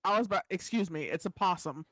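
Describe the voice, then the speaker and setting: High guy, brash and rambly, dry close sound. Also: fast, sharp tone, no room sound. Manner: brash, rambling comic storyteller. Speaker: player. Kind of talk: joking table chat.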